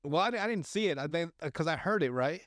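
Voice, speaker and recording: A man's voice: fairly high pitch, lively intonation, fast, a bit bright, no echo, clean studio sound. A man hosting a podcast, telling a story in casual, crude chat full of fillers and restarts. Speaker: podcast host.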